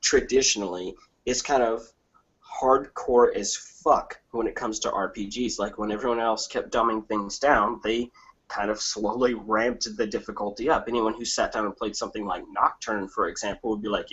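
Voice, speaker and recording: A man's voice: fairly low pitch, moderate pace, slightly rough, muffled recording. A man in a casual gaming podcast, ranting with lots of swearing and comic asides. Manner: profane, animated ranting with comic impressions. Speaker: podcast panelist.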